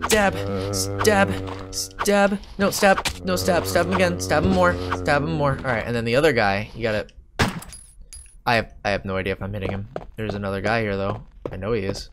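A man's voice: medium pitch, normal speed, over music. A man hosting his own gaming channel, rambling in casual, self-mocking, profane commentary at home while he plays. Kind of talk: casual Let's Play commentary. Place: home room.

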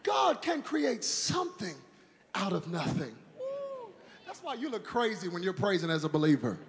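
A man preaching a sermon in a church, animated and shouting in a sing-song cadence with comic asides. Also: sits high, moderate pace. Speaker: pastor. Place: church sanctuary.

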